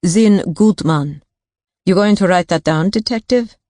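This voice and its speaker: A woman's voice: lowish voice, unhurried, dark tone, no echo, clean studio sound, lightly acted. A woman narrator voicing a guarded, needling female barkeep with a German accent.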